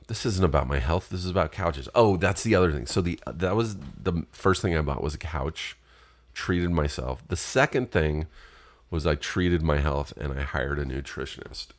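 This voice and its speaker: A man's voice: extremely low pitch, normal speed. A man telling a rambling personal story in a casual, profane way, with many fillers.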